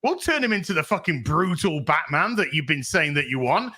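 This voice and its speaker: A man's voice: on the high side, fairly quick, husky. A man co-hosting a casual podcast, ranting with lots of swearing. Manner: profane, animated ranting. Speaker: podcast co-host.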